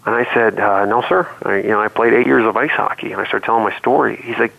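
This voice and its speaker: A man's voice: lowish voice, fairly even intonation, fast talker, vocal fry. A man guest telling a personal story earnestly in a casual conversation, heard over a call line. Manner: earnest storytelling with many restarts. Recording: tinny phone-like line.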